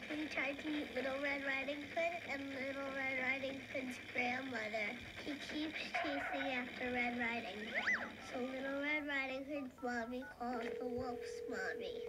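A woman's voice: high voice, moderate pace, over loud music. A woman playfully making up a story, laughing as she goes. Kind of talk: improvised storytelling. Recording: noisy home recording.

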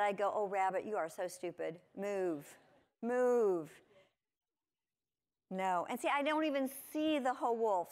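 Woman giving a conference talk, fairly high voice, keeps asking the room questions. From United States. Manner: lively, talks to the audience with questions. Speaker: conference presenter. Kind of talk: lecture to teachers. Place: conference hall.

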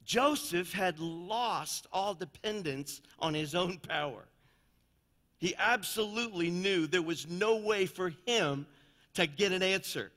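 Bright-voiced pastor preaching in a reverberant church. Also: male voice, high-pitched, measured pace. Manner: folksy storytelling preacher, swings from loud to quiet. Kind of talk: sermon. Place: church sanctuary.

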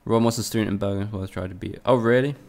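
Gravelly, low-voiced man streaming games. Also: fairly even intonation, fast, a little mellow. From Spain. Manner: chatty, swears freely, banters with chat. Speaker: game streamer. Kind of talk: casual live-stream commentary.

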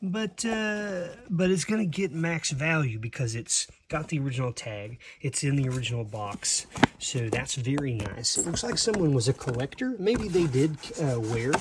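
A man vlogging as a reseller, unboxing items in excited, halting casual commentary that sometimes drops to a whisper. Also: mid-range voice, background noise.

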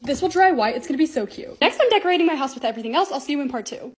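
Bubbly high-voiced young woman vlogger. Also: expressive, rapid-fire. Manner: bubbly, upbeat narration of shopping and decorating. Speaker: lifestyle content creator. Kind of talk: casual vlog voice-over.

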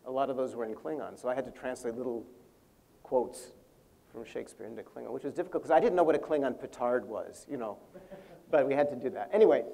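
An older man, a convention panel guest, telling an animated story and acting out quotes, laughing often. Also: medium pitch. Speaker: interview guest, language creator. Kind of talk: storytelling anecdote on stage.

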